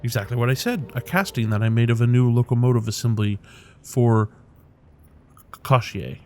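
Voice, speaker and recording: A man voicing a cultured, pleasant engineer in a video game, speaking politely in an unhurried, measured way. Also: medium pitch, darkish tone, soft background music, lightly acted. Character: cultured, pleasant middle-aged man, calm drone engineer.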